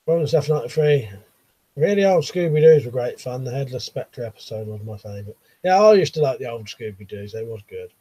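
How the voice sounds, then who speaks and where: A man's voice: medium pitch, lively intonation, a little fast, dark tone, slightly rough, dry recording. An English man in his late thirties hosting a casual live chat from his bedroom, reading viewers' messages with easy, chuckling banter. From England. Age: 30s. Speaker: livestream host reading chat.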